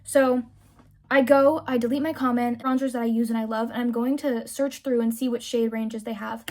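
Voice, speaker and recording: A woman's voice: fairly high pitch, fairly even intonation, moderate pace, a little mellow. A young woman talking through a casual makeup tutorial, chatty and candid, gushing about products and swearing freely when she rants. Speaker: beauty vlogger.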